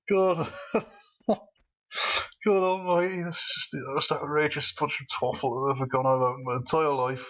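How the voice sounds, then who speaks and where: A husky-voiced man talks through a video game with a cold, rambling from one thought to the next and breaking into laughter. He sounds manic and all over the place. The recording is a little dull and muffled. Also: medium pitch, fairly bright tone. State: has a cold. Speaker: let's play commentator. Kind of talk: casual gameplay commentary.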